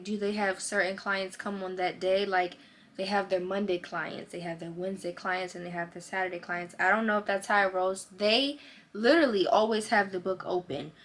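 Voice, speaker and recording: A young woman telling a story to her vlog audience in a casual, animated way, acting out both sides of a conversation. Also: mid-range voice, slight background noise. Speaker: vlogger.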